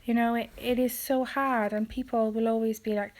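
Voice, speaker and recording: A woman talks straight to camera in a personal confessional vlog. Her voice sits a little high but stays flat and even, and she halts often, with ums, and lets sentences fade away quietly. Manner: halting and hesitant, many ums, often trailing off quietly. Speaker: vlogger.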